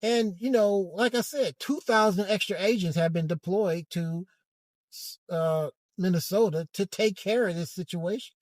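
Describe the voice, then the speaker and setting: A man giving a hesitant, halting commentary monologue from inside a car, with frequent restarts. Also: sits high, no room sound. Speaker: vlogger.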